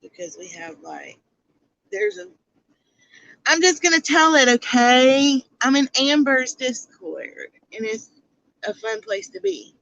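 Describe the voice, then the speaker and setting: A woman's voice: high voice, big pitch swings, slow, gravelly, fairly bright tone, muffled recording. Blunt woman on a livestream. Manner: blunt, rhetorical questions to viewers. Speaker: livestream commentary host. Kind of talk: casual livestream commentary.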